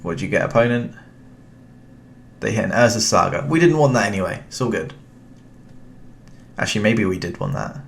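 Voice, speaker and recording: A young British man gives relaxed commentary on his card game, talking to himself and his opponent as he plays. His voice sits low with plenty of gravelly fry. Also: normal speed, long pauses. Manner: relaxed, thinking aloud, chatty with the opponent. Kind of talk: casual gameplay commentary.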